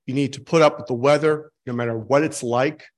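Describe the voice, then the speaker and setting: A man preaching a sermon in a relaxed, conversational way, asking his congregation questions and poking fun at himself. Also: mid-range voice, fairly quick. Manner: informal, asks the congregation questions, self-mocking jokes. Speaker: pastor.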